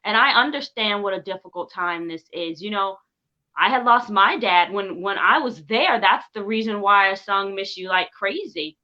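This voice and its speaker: A woman guest speaks over a remote call with a bright, forceful voice. She talks in a reassuring, heartfelt way. The call audio is dull and lo-fi. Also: medium pitch, moderate pace. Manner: warm-hearted, reassuring, acts out quotes. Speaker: guest, former TV performer. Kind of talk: casual interview talk.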